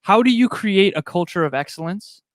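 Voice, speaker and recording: A man's voice: sits high, animated, moderate pace, no room sound. Man asking questions, dry close sound. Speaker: podcast host. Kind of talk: coaching call conversation.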